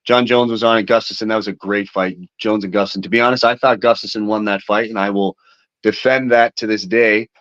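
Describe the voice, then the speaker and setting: Man in his thirties, low voice, candid rambling talk, swears freely, dull dry lo-fi recording. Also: steady tone, brisk, fairly bright tone, no echo. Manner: candid, rambling storytelling with frequent swearing and fillers. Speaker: MMA fighter, interview guest. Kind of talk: casual interview talk.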